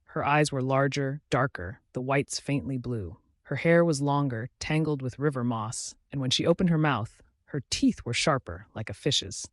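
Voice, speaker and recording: A man narrating a folktale in a dramatic, measured way. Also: mid-range voice, no room sound, clean studio sound. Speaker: storyteller.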